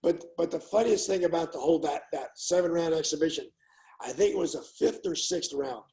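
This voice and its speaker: A man's voice: a little high, a little fast, poor audio. An older man, a former fighter, telling stories in a casual interview and acting out what people said. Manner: animated storyteller, acts out quotes loudly.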